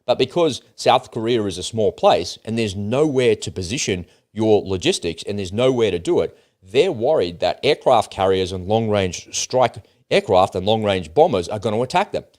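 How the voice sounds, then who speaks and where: A man's voice: fairly low pitch, lively intonation, normal speed, a little mellow. A man co-hosting a casual livestream, talking bluntly and animatedly, with frequent swearing. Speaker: co-host.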